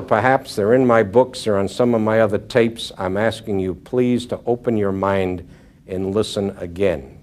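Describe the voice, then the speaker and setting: A man giving a motivational sales talk to a live audience, telling stories earnestly and dropping his voice for emphasis. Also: lowish voice. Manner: storytelling, earnest, drops to hushed tones for emphasis. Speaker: motivational speaker.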